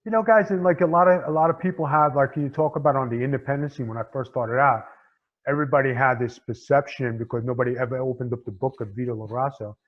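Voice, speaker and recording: A man's voice: mid-range voice, steady tone, fast, muffled recording. A middle-aged man from Staten Island with a New York accent, a former pro wrestler talking bluntly and casually in an interview. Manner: blunt, streetwise, lots of "you know".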